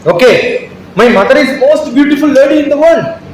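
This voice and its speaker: A high-voiced man gives a motivational talk to a room of teachers, forever tossing questions back at the audience. He is heard from a distance, his voice ringing around a large, very echoey hall, with a faint hum of room noise underneath. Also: normal speed. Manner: rhetorical, keeps asking the audience questions. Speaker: speaker at a teachers' workshop.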